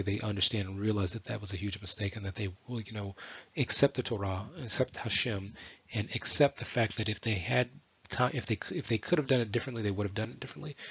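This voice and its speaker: Male religious teacher, quick loose parable-telling, lowish very breathy voice, dull lo-fi recording. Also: a bit bright, dry recording. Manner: loose, rambling explanation. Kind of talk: informal spoken teaching with parables.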